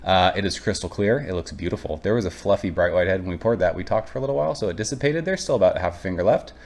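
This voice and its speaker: Deep-voiced man reviewing beer casually. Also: racing, gravelly, darkish tone. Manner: rambling, blunt and profane, with frequent fillers. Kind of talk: casual chat.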